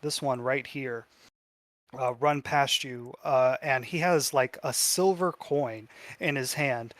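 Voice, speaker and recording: A man's voice: mid-range voice, slow, fairly bright tone, no room sound. A man narrating a tabletop game as game master, loose and full of fillers.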